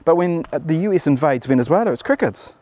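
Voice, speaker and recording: A New Zealand man with a fairly high, warm voice talks fast with lively intonation. He hosts political commentary, delivering casual opinions in a rambling, blunt, cheeky way packed with fillers.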